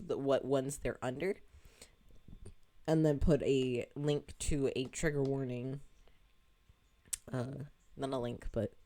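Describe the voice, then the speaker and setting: A woman's voice: rumbling low, a little mellow. A woman streamer chatting casually to her chat about her game, rambling, laughing often and swearing casually.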